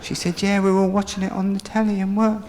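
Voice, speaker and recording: A man's voice: high-pitched, fast talker, noisy background. A man with a Cockney accent doing a stand-up comedy set, telling a story and acting out voices, with an audience laughing behind him. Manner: animated storytelling, acts out voices. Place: comedy stage. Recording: roomy live venue with loud crowd laughter.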